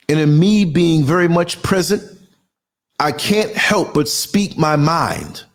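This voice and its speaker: A man, ranting in a heated, emphatic opinion monologue with mocking asides. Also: sits high. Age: 60s. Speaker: commentary channel host.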